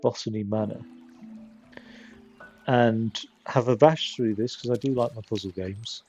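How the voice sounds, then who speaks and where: A man's voice: mid-range voice, moderate pace, darkish tone, soft background music. A man rambling in casual gameplay commentary, often stopping and restarting his sentences. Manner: rambling, self-interrupting chatter. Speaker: streamer.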